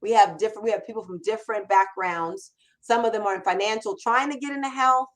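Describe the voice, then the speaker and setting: Talking fast in a medium-pitched voice, a copywriting mentor hosts her live Q&A show with an emphatic, conversational style and frequent restarts. The audio quality is poor.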